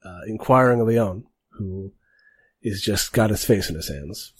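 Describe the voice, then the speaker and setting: A man narrating a tabletop game as game master, relaxed and rambling. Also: on the low side, a little slow, slightly rough, no echo.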